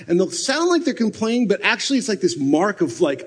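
A man giving a sermon at a retreat, animated, swinging between loud bursts and hushed near-whispers. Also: high voice, brisk, few pauses, husky. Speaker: retreat speaker. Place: retreat meeting room.

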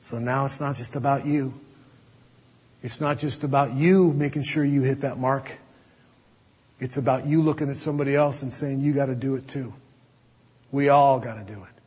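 A man preaching a sermon as pastor, earnest, dropping to a hush to press his points. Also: medium pitch, steady tone, moderate pace, husky. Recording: dull audio with long hall reverb.

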